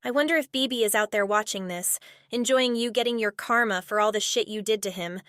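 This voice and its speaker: A woman's voice: medium pitch, fairly quick, a bit bright, clean tone, no echo, clean studio sound. A woman co-hosting a reaction show, sarcastic and biting with mock-dramatic delivery. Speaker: commentary co-host. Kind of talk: casual reaction commentary.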